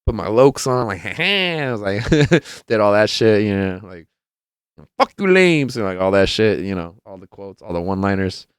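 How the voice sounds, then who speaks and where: Smooth-voiced young man telling a rambling story. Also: on the low side, normal speed, dry recording, studio quality. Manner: rambling, laughs often, swears freely, acts out quotes. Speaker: podcast host. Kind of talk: casual storytelling monologue.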